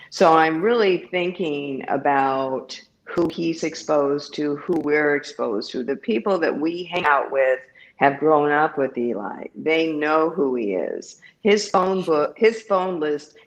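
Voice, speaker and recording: Low, slow-talking middle-aged woman. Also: low-quality recording. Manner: thoughtful, hesitant. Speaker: co-host and moderator. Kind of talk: casual panel chat.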